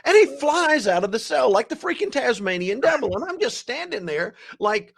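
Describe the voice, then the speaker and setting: A man in his sixties, a guest telling a story in a lively, dramatic way and acting out the quotes. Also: very high-pitched, normal speed, creaky, few pauses. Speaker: guest, ethics speaker. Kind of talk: animated storytelling.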